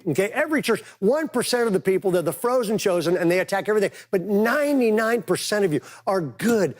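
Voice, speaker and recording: A man's voice: sits high, expressive, quick pace, hardly any pauses, a little mellow. A man preaching a conversational sermon as pastor, telling stories with casual, emphatic asides.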